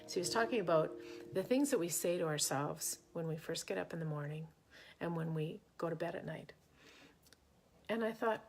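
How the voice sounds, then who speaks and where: A woman musician and teacher chatting casually on a live video, often dropping into a soft half-whisper as she muses. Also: on the low side, normal speed, music in the background. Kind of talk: casual live-stream talk.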